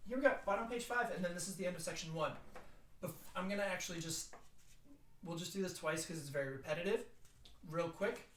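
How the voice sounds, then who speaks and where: A man with a tenor voice leading a choral rehearsal, explaining the notes quickly and then singing phrases slowly in falsetto. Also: a bit bright, reverberant, distant mic, slight background noise, rough recording. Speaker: choir director. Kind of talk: choral rehearsal teaching with sung demonstrations.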